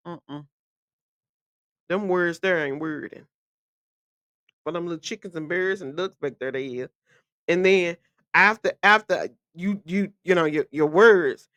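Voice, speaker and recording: A woman's voice: on the low side, moderate pace, a bit bright, no room sound. A woman, hosting a podcast and giving blunt, emphatic advice in a casual monologue. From Memphis, USA. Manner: blunt, emphatic, repeats key phrases. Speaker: podcast host.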